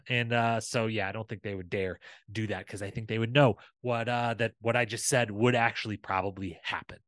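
Male podcast host, animated and talkative, recapping solo in a dry room. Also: lowish voice, a little fast, no echo. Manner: enthusiastic, chatty, animated.

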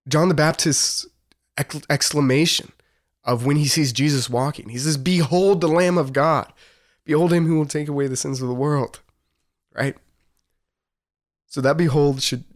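A young man hosting a casual faith podcast, talking earnestly and rambling, with frequent fillers and laughs. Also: mid-range voice. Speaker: podcast host.

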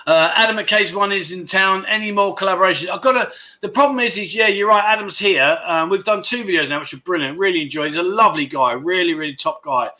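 A man hosts a casual livestream, rambling frankly and calling his viewers "mate" while reading their comments out. His voice sits high and sounds pushed and bright, and he talks fast.

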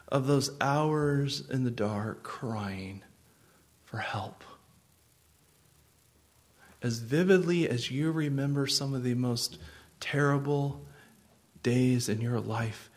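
A man preaching a sermon as pastor, earnest and gentle, with sudden swells of intensity. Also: mid-range voice.

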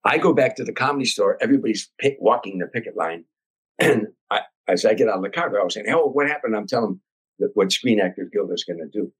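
An older man from Chicago, a comedian telling a long anecdote as a podcast guest, animated and acting out voices and sounds. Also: lowish voice, fast, breathy edge, low-quality recording. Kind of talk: storytelling anecdote.

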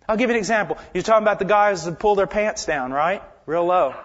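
A man preaching a sermon with passion, swinging from loud, emphatic lines down to hushed near-whispers. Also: sits high, quick pace, few pauses. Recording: dull lo-fi sermon recording.

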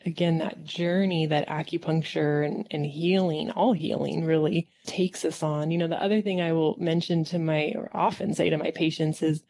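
A woman's voice: sits low, fairly even intonation, moderate pace, hardly any pauses, warm tone. A woman acupuncturist in casual conversation, reflective and upbeat, often laughing as she talks.

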